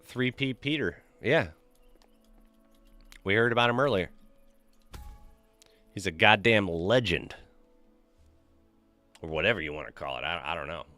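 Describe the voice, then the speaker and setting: Young man, game streamer, casual crude joking, low smooth voice, faint background music. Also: lively intonation, measured pace, long pauses, sharp tone, no echo. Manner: loose, profane, joking storyteller reading chat. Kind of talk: casual stream chat with viewers.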